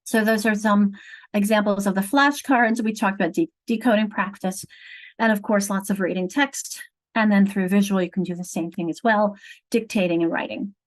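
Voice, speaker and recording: A woman training teachers online over a video call, explaining patiently and slowly sounding out syllables and letters. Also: mid-range voice, fairly even intonation. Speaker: literacy trainer.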